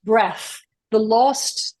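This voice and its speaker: A woman's voice: fairly high pitch, drawn-out words, darkish tone. A middle-aged woman, a therapist, speaking reflectively in an interview and often checking in with a rising "right?". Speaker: therapist guest. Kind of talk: conversational interview.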